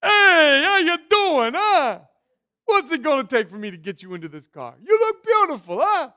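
A man voicing a pushy, smooth-talking used car salesman with loud, wheedling sales patter in a sermon. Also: extremely high pitch, big pitch swings, normal speed, pitched above the performer's own voice, full character voice.

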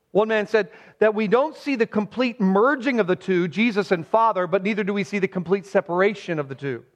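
A man preaching an expository sermon as pastor. He speaks emphatically and poses rhetorical questions to his listeners. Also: sits high. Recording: dull lo-fi recording.

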